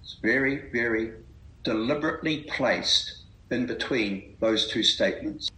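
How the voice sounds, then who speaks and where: A man's voice: medium pitch, a little slow, bright, forceful tone, reverberant, poor audio. A man giving an earnest Bible talk, emphatic and reflective. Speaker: preacher. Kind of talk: Bible reading meeting talk.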